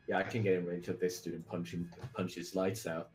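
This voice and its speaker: A man playing a tabletop game, laid-back and planning moves out loud. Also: low-pitched, fairly even intonation, normal speed, faint music behind, rough recording. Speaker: player.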